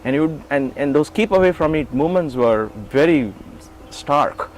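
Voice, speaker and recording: A middle-aged man with a slightly high voice speaks at normal speed while recalling his assistant years in a chatty interview. He performs the dialogue with animation. The recording is rough, with slight background noise.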